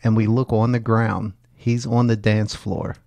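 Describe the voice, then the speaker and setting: A man's voice: on the low side, steady tone, a little slow, creaky, darkish tone, no echo. A man co-hosting a podcast, telling crude stories in casual, profane chat and laughing often. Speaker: podcast co-host.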